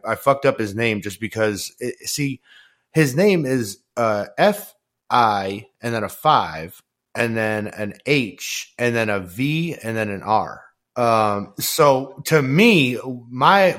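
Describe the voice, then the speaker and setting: A man's voice: mid-range voice, fairly bright tone. Slangy, laughing young man podcast host. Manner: slangy, profane, laughs through stories, acts out voices. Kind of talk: casual chat, animated storytelling.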